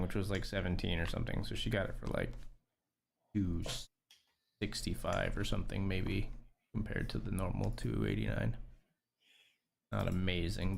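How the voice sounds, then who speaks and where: Gravelly low-voiced man talking poker. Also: a little hiss or hum. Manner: analytical, second-guessing his own plays. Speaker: poker streamer. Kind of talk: casual live-stream chat about poker.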